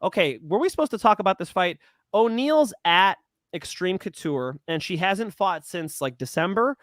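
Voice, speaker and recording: A man's voice: high voice, animated, moderate pace, fairly bright tone, no echo, studio quality. A man co-hosting a mixed martial arts betting show, joking and swearing freely in casual banter. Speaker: co-host of MMA betting show. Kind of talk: casual banter and fight picks.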